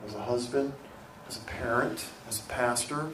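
Middle-aged American male pastor, emphatic sermon delivery with hushed asides, distant mic in an echoey hall with faint ambience. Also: medium pitch, moderate pace, slight background noise. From United States. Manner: emphatic, repeating phrases, swings between loud and hushed.

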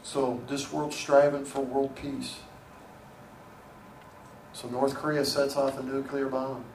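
A middle-aged American man preaching a sermon as pastor, emphatic and repetitive, dropping to a hush and rising again. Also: mid-range voice, level tone, takes it slowly, slight background noise. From United States. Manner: emphatic, repeating phrases, swings between loud and hushed. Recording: roomy sound from a distant mic with faint ambience.

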